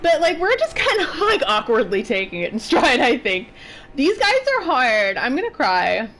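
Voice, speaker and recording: A woman chats her way through a video game as a streamer. Her voice sits a little high and swings widely in pitch. She giggles often and lets out yelps under pressure. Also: wildly swooping pitch, normal speed, fairly bright tone. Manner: chatty and giggly, yelps when stressed. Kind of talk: casual gaming commentary.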